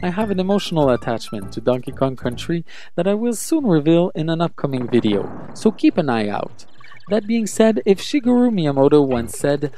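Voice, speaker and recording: Reading a scripted countdown of his favourite video games, a Quebec-born reviewer sounds eager and nostalgic about his childhood. His voice is fairly high and warm, with a sing-song lilt and a moderate pace.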